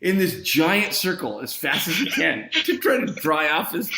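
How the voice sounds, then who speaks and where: A man's voice: sits high, moderate pace, few pauses, echoey room, slight background noise. A man telling a rowdy story as a podcast guest in casual chat, laughing as he goes. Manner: animated, laughs through his story.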